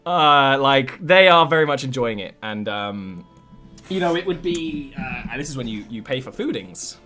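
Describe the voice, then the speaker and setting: Lively bright-voiced man running a tabletop game. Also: medium pitch, moderate pace, faint music behind. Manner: rambling, laughing, trailing off into mumbles. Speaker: game master.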